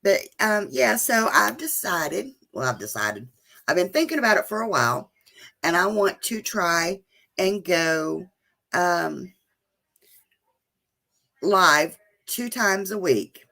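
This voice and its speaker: A woman's voice: fairly low pitch, expressive, slow pace, vocal fry, long pauses, bright, forceful tone. A woman, chatting casually and emotionally with viewers during a live stream. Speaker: vlogger hosting a live chat.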